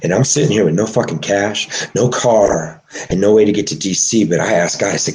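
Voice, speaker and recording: A man delivering an emotional monologue, agitated and swearing, swinging from low mutters to shouting. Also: brisk. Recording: echoey room.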